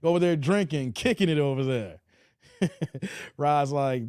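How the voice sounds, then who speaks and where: A man's voice: fairly high pitch, animated, measured pace, pauses often, a little mellow, clear, resonant tone, no room sound. Joking man reacting to a clip, dry sound. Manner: loose, joking, laughs often. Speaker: commentary show host. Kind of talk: reaction commentary reading live chat.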